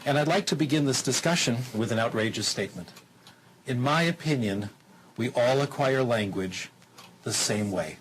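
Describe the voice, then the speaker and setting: Lecturing for television on how people acquire language, a man teaches in a lively, demonstrative style, using rhetorical questions and passages of simple, slow German. His mid-range voice comes through a low-quality recording with a little hiss or hum.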